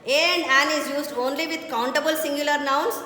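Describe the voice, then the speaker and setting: A woman's voice: high voice, fairly quick, sharp tone. A woman teaches a grammar lesson, explaining step by step and often checking with "okay?". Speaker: English teacher. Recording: very echoey hall with faint background noise.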